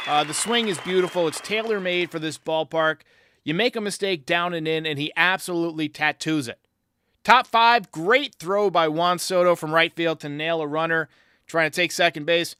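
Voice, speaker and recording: A man hosting a sports podcast, giving an excitable casual game recap and talking straight to his viewers. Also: high voice, normal speed, clear, resonant tone, no room sound, studio quality. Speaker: podcast host.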